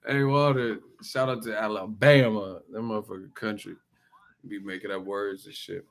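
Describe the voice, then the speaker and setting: A man's voice: lowish voice, vocal fry, a little hiss or hum. A man hosting a boxing channel, riffing in casual, profane commentary and firing off one rhetorical question after another. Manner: animated, profane, rapid-fire rhetorical questions.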